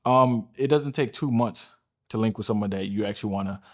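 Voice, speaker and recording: A man's voice: lowish voice, brisk. A man giving blunt, profane dating advice to the camera, often tagging his points with "all right?" and "right?". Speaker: dating coach.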